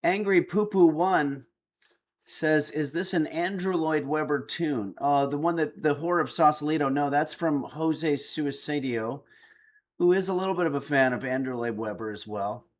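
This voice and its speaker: A man's voice: a little high, moderate pace. A middle-aged man streaming, reading viewer chat aloud with dry, joking replies. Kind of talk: casual chat.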